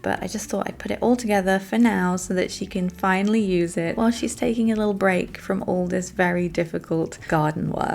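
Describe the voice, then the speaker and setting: A woman's voice: mid-range voice, creaky. A woman vlogger talking casually about a garden makeover in an upbeat, chatty way. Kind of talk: casual vlog voice-over.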